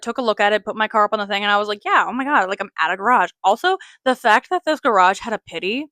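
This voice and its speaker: A woman's voice: medium pitch, a bit bright, no room sound, clean studio sound. A woman in her late twenties hosting a podcast, telling stories in a chatty, self-mocking way full of "like" fillers. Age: late 20s. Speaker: podcast host. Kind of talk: casual storytelling monologue.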